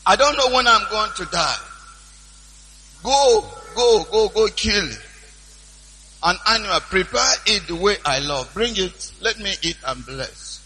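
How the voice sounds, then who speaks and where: A stern old father played by a preacher hands down commands and verdicts. The voice is bright and high, and a bit husky. It rings through a large church hall. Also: animated, measured pace, full character voice. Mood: weary.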